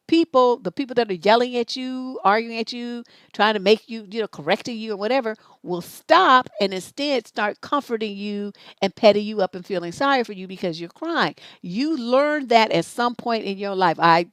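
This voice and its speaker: Here a middle-aged woman in the mid-range hosts relationship advice live, voicing both people in the dialogues she recounts. Her style is blunt, profane and scolding, captured without any room sound.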